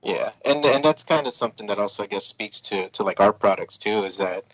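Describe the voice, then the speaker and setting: Relaxed male guest with a lowish voice, rambling, easygoing comic-creator chat. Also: a little fast, poor audio. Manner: laid-back, rambling, many fillers and restarts. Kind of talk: casual chat.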